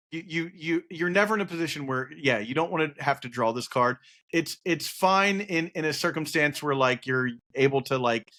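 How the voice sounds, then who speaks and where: A man's voice: medium pitch, fairly bright tone. A man co-hosting a casual card game podcast, rambling with lots of fillers and reading card text aloud. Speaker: podcast co-host.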